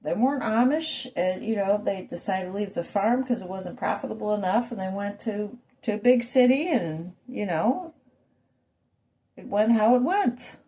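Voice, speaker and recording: A woman's voice: medium pitch, lively intonation, moderate pace, dark tone. A woman ranting to her viewers in a rambling monologue full of rhetorical questions and asides. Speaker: vlogger.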